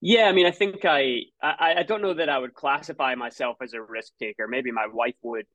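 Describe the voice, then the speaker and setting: A Scottish man in his thirties chats as an interview guest, often stopping and restarting his sentences. The recording is dry and close, with no room sound. His pitch sits in a middling range for a man. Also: a little fast, a bit bright, no room sound, rough recording. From Scotland. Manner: rambling with many restarts and fillers. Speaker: guest, former college runner. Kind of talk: casual interview conversation.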